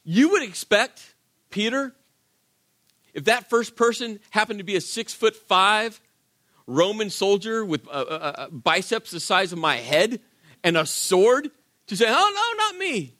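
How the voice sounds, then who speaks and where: A man preaching a sermon, telling the story with animated, acted-out quotes and rhetorical questions. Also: high-pitched, measured pace. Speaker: pastor.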